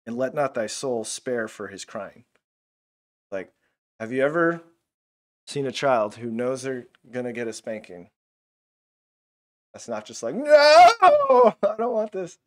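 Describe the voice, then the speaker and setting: Casual, animated man teaching a Bible lesson. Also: medium pitch, unhurried, long pauses. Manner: casual and animated, many fillers.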